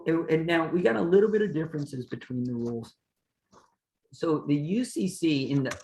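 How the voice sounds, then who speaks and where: A man's voice: fairly high pitch, darkish tone, roomy sound, rough recording. A man who teaches law, explaining contract rules in a plain-spoken way with playful hypotheticals. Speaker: law professor and podcast host. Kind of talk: explanatory lecture chat.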